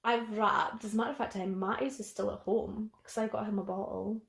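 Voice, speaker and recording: A woman's voice: mid-range voice, fairly even intonation, a little fast, vocal fry. A woman in her thirties co-hosting a podcast, chatting casually, laughing often and swearing freely. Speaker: podcast co-host. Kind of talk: casual chat. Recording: roomy echo.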